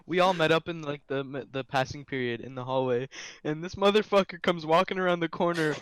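A man's voice: fairly high pitch, brisk, fairly bright tone, clean tone, dry recording, low-quality recording. A young man, a podcast co-host, trading crude, swearing banter and teasing remarks in casual chat.

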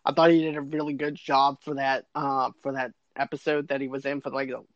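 A man co-hosting a casual TV recap podcast, chatty and quick to laugh. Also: medium pitch, flat delivery, dry recording. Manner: chatty, laughs often, repeats words. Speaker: podcast co-host. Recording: dull lo-fi sound.

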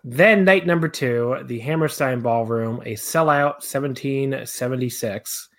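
A young man co-hosting a podcast talks at a measured pace in a mid-range, slightly bright voice. The chat is casual, and he rambles with plenty of fillers and restarts.

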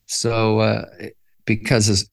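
Older guy with a gravelly low voice, rambling reflective interview stories, lots of uhs. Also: monotone, slow. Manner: reflective, chuckling, many fillers and restarts. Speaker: interview guest, musician and author. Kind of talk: casual interview storytelling.

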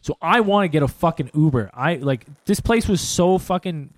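A man with a somewhat high voice speaks at a normal pace in a dry recording. He tells a story in casual conversation, cursing freely and acting out what people said with lively, profane energy.

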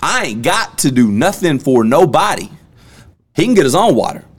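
A man's voice: fairly high pitch, very animated, normal speed, breathy edge. A man, hosting a casual podcast and telling a story bluntly. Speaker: podcast host.

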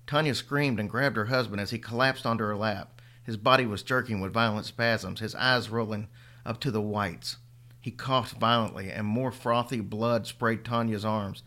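A man reading a horror story aloud as a podcast host, with a steady, dry delivery. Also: on the low side.

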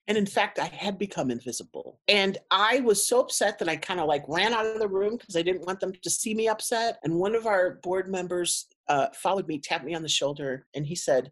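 A woman guest on a podcast interview, telling a story in an animated way and acting out what people said. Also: fairly low pitch, fairly quick, few pauses. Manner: animated storyteller, acts out quotes. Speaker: guest, nonprofit co-founder.

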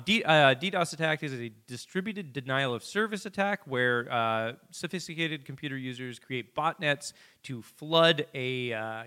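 A man's voice: medium pitch, bright, forceful tone, clear, resonant tone. A man co-hosting a casual comedic podcast, telling a story at length with many fillers. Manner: rambling, filler-heavy storytelling. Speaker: podcast co-host.

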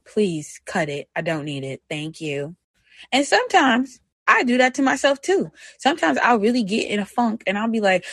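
A young woman hosting a personal podcast, talking candidly. She moves between soft reflection and animated self-talk. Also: fairly high pitch, brisk, no room sound. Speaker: podcast host.

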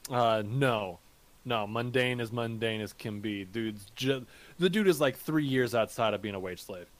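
Halting man playing a tabletop game. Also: mid-range voice. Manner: halting, lots of restarts and fillers. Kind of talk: in-character table talk.

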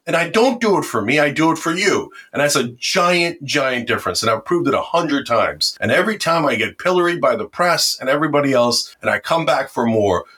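A man talking as a podcast guest about politics, impassioned and combative, with a husky voice. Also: a little high, animated, brisk, few pauses, fairly bright tone. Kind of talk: animated political interview talk.

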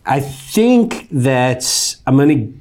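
A man hosts a comedy podcast game, upbeat and chatty as he judges his guests. His voice sits at a medium pitch and moves a lot as he speaks. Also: big pitch swings, slow pace, darkish tone. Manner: upbeat, judging and giving feedback. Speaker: podcast host.

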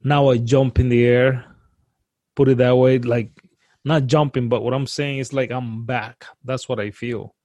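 A man who grew up outside the US, earnestly recounting a frightening personal experience as a guest, in a halting way that repeats words and restarts. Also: medium pitch, flat delivery, darkish tone, no room sound. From outside the US, now lives in the US. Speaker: guest telling a personal story.

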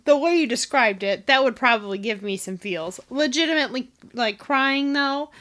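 Woman podcast co-host, casual chat, teasing, blunt, dry, high voice. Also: expressive, moderate pace, a bit bright.

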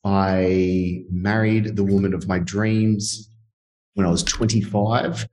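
Brief: low-voiced Australian man in his thirties, candid guest, rambling, filler-heavy. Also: steady tone, takes it slowly, darkish tone. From Sydney, Australia. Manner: candid, uses many fillers like "like" and "uh". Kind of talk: storytelling interview.

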